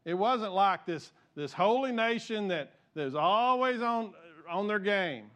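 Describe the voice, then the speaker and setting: A pastor with a high, fairly bright voice and lively intonation preaches a little slowly. His sermon is earnest and conversational, and he often restarts his sentences.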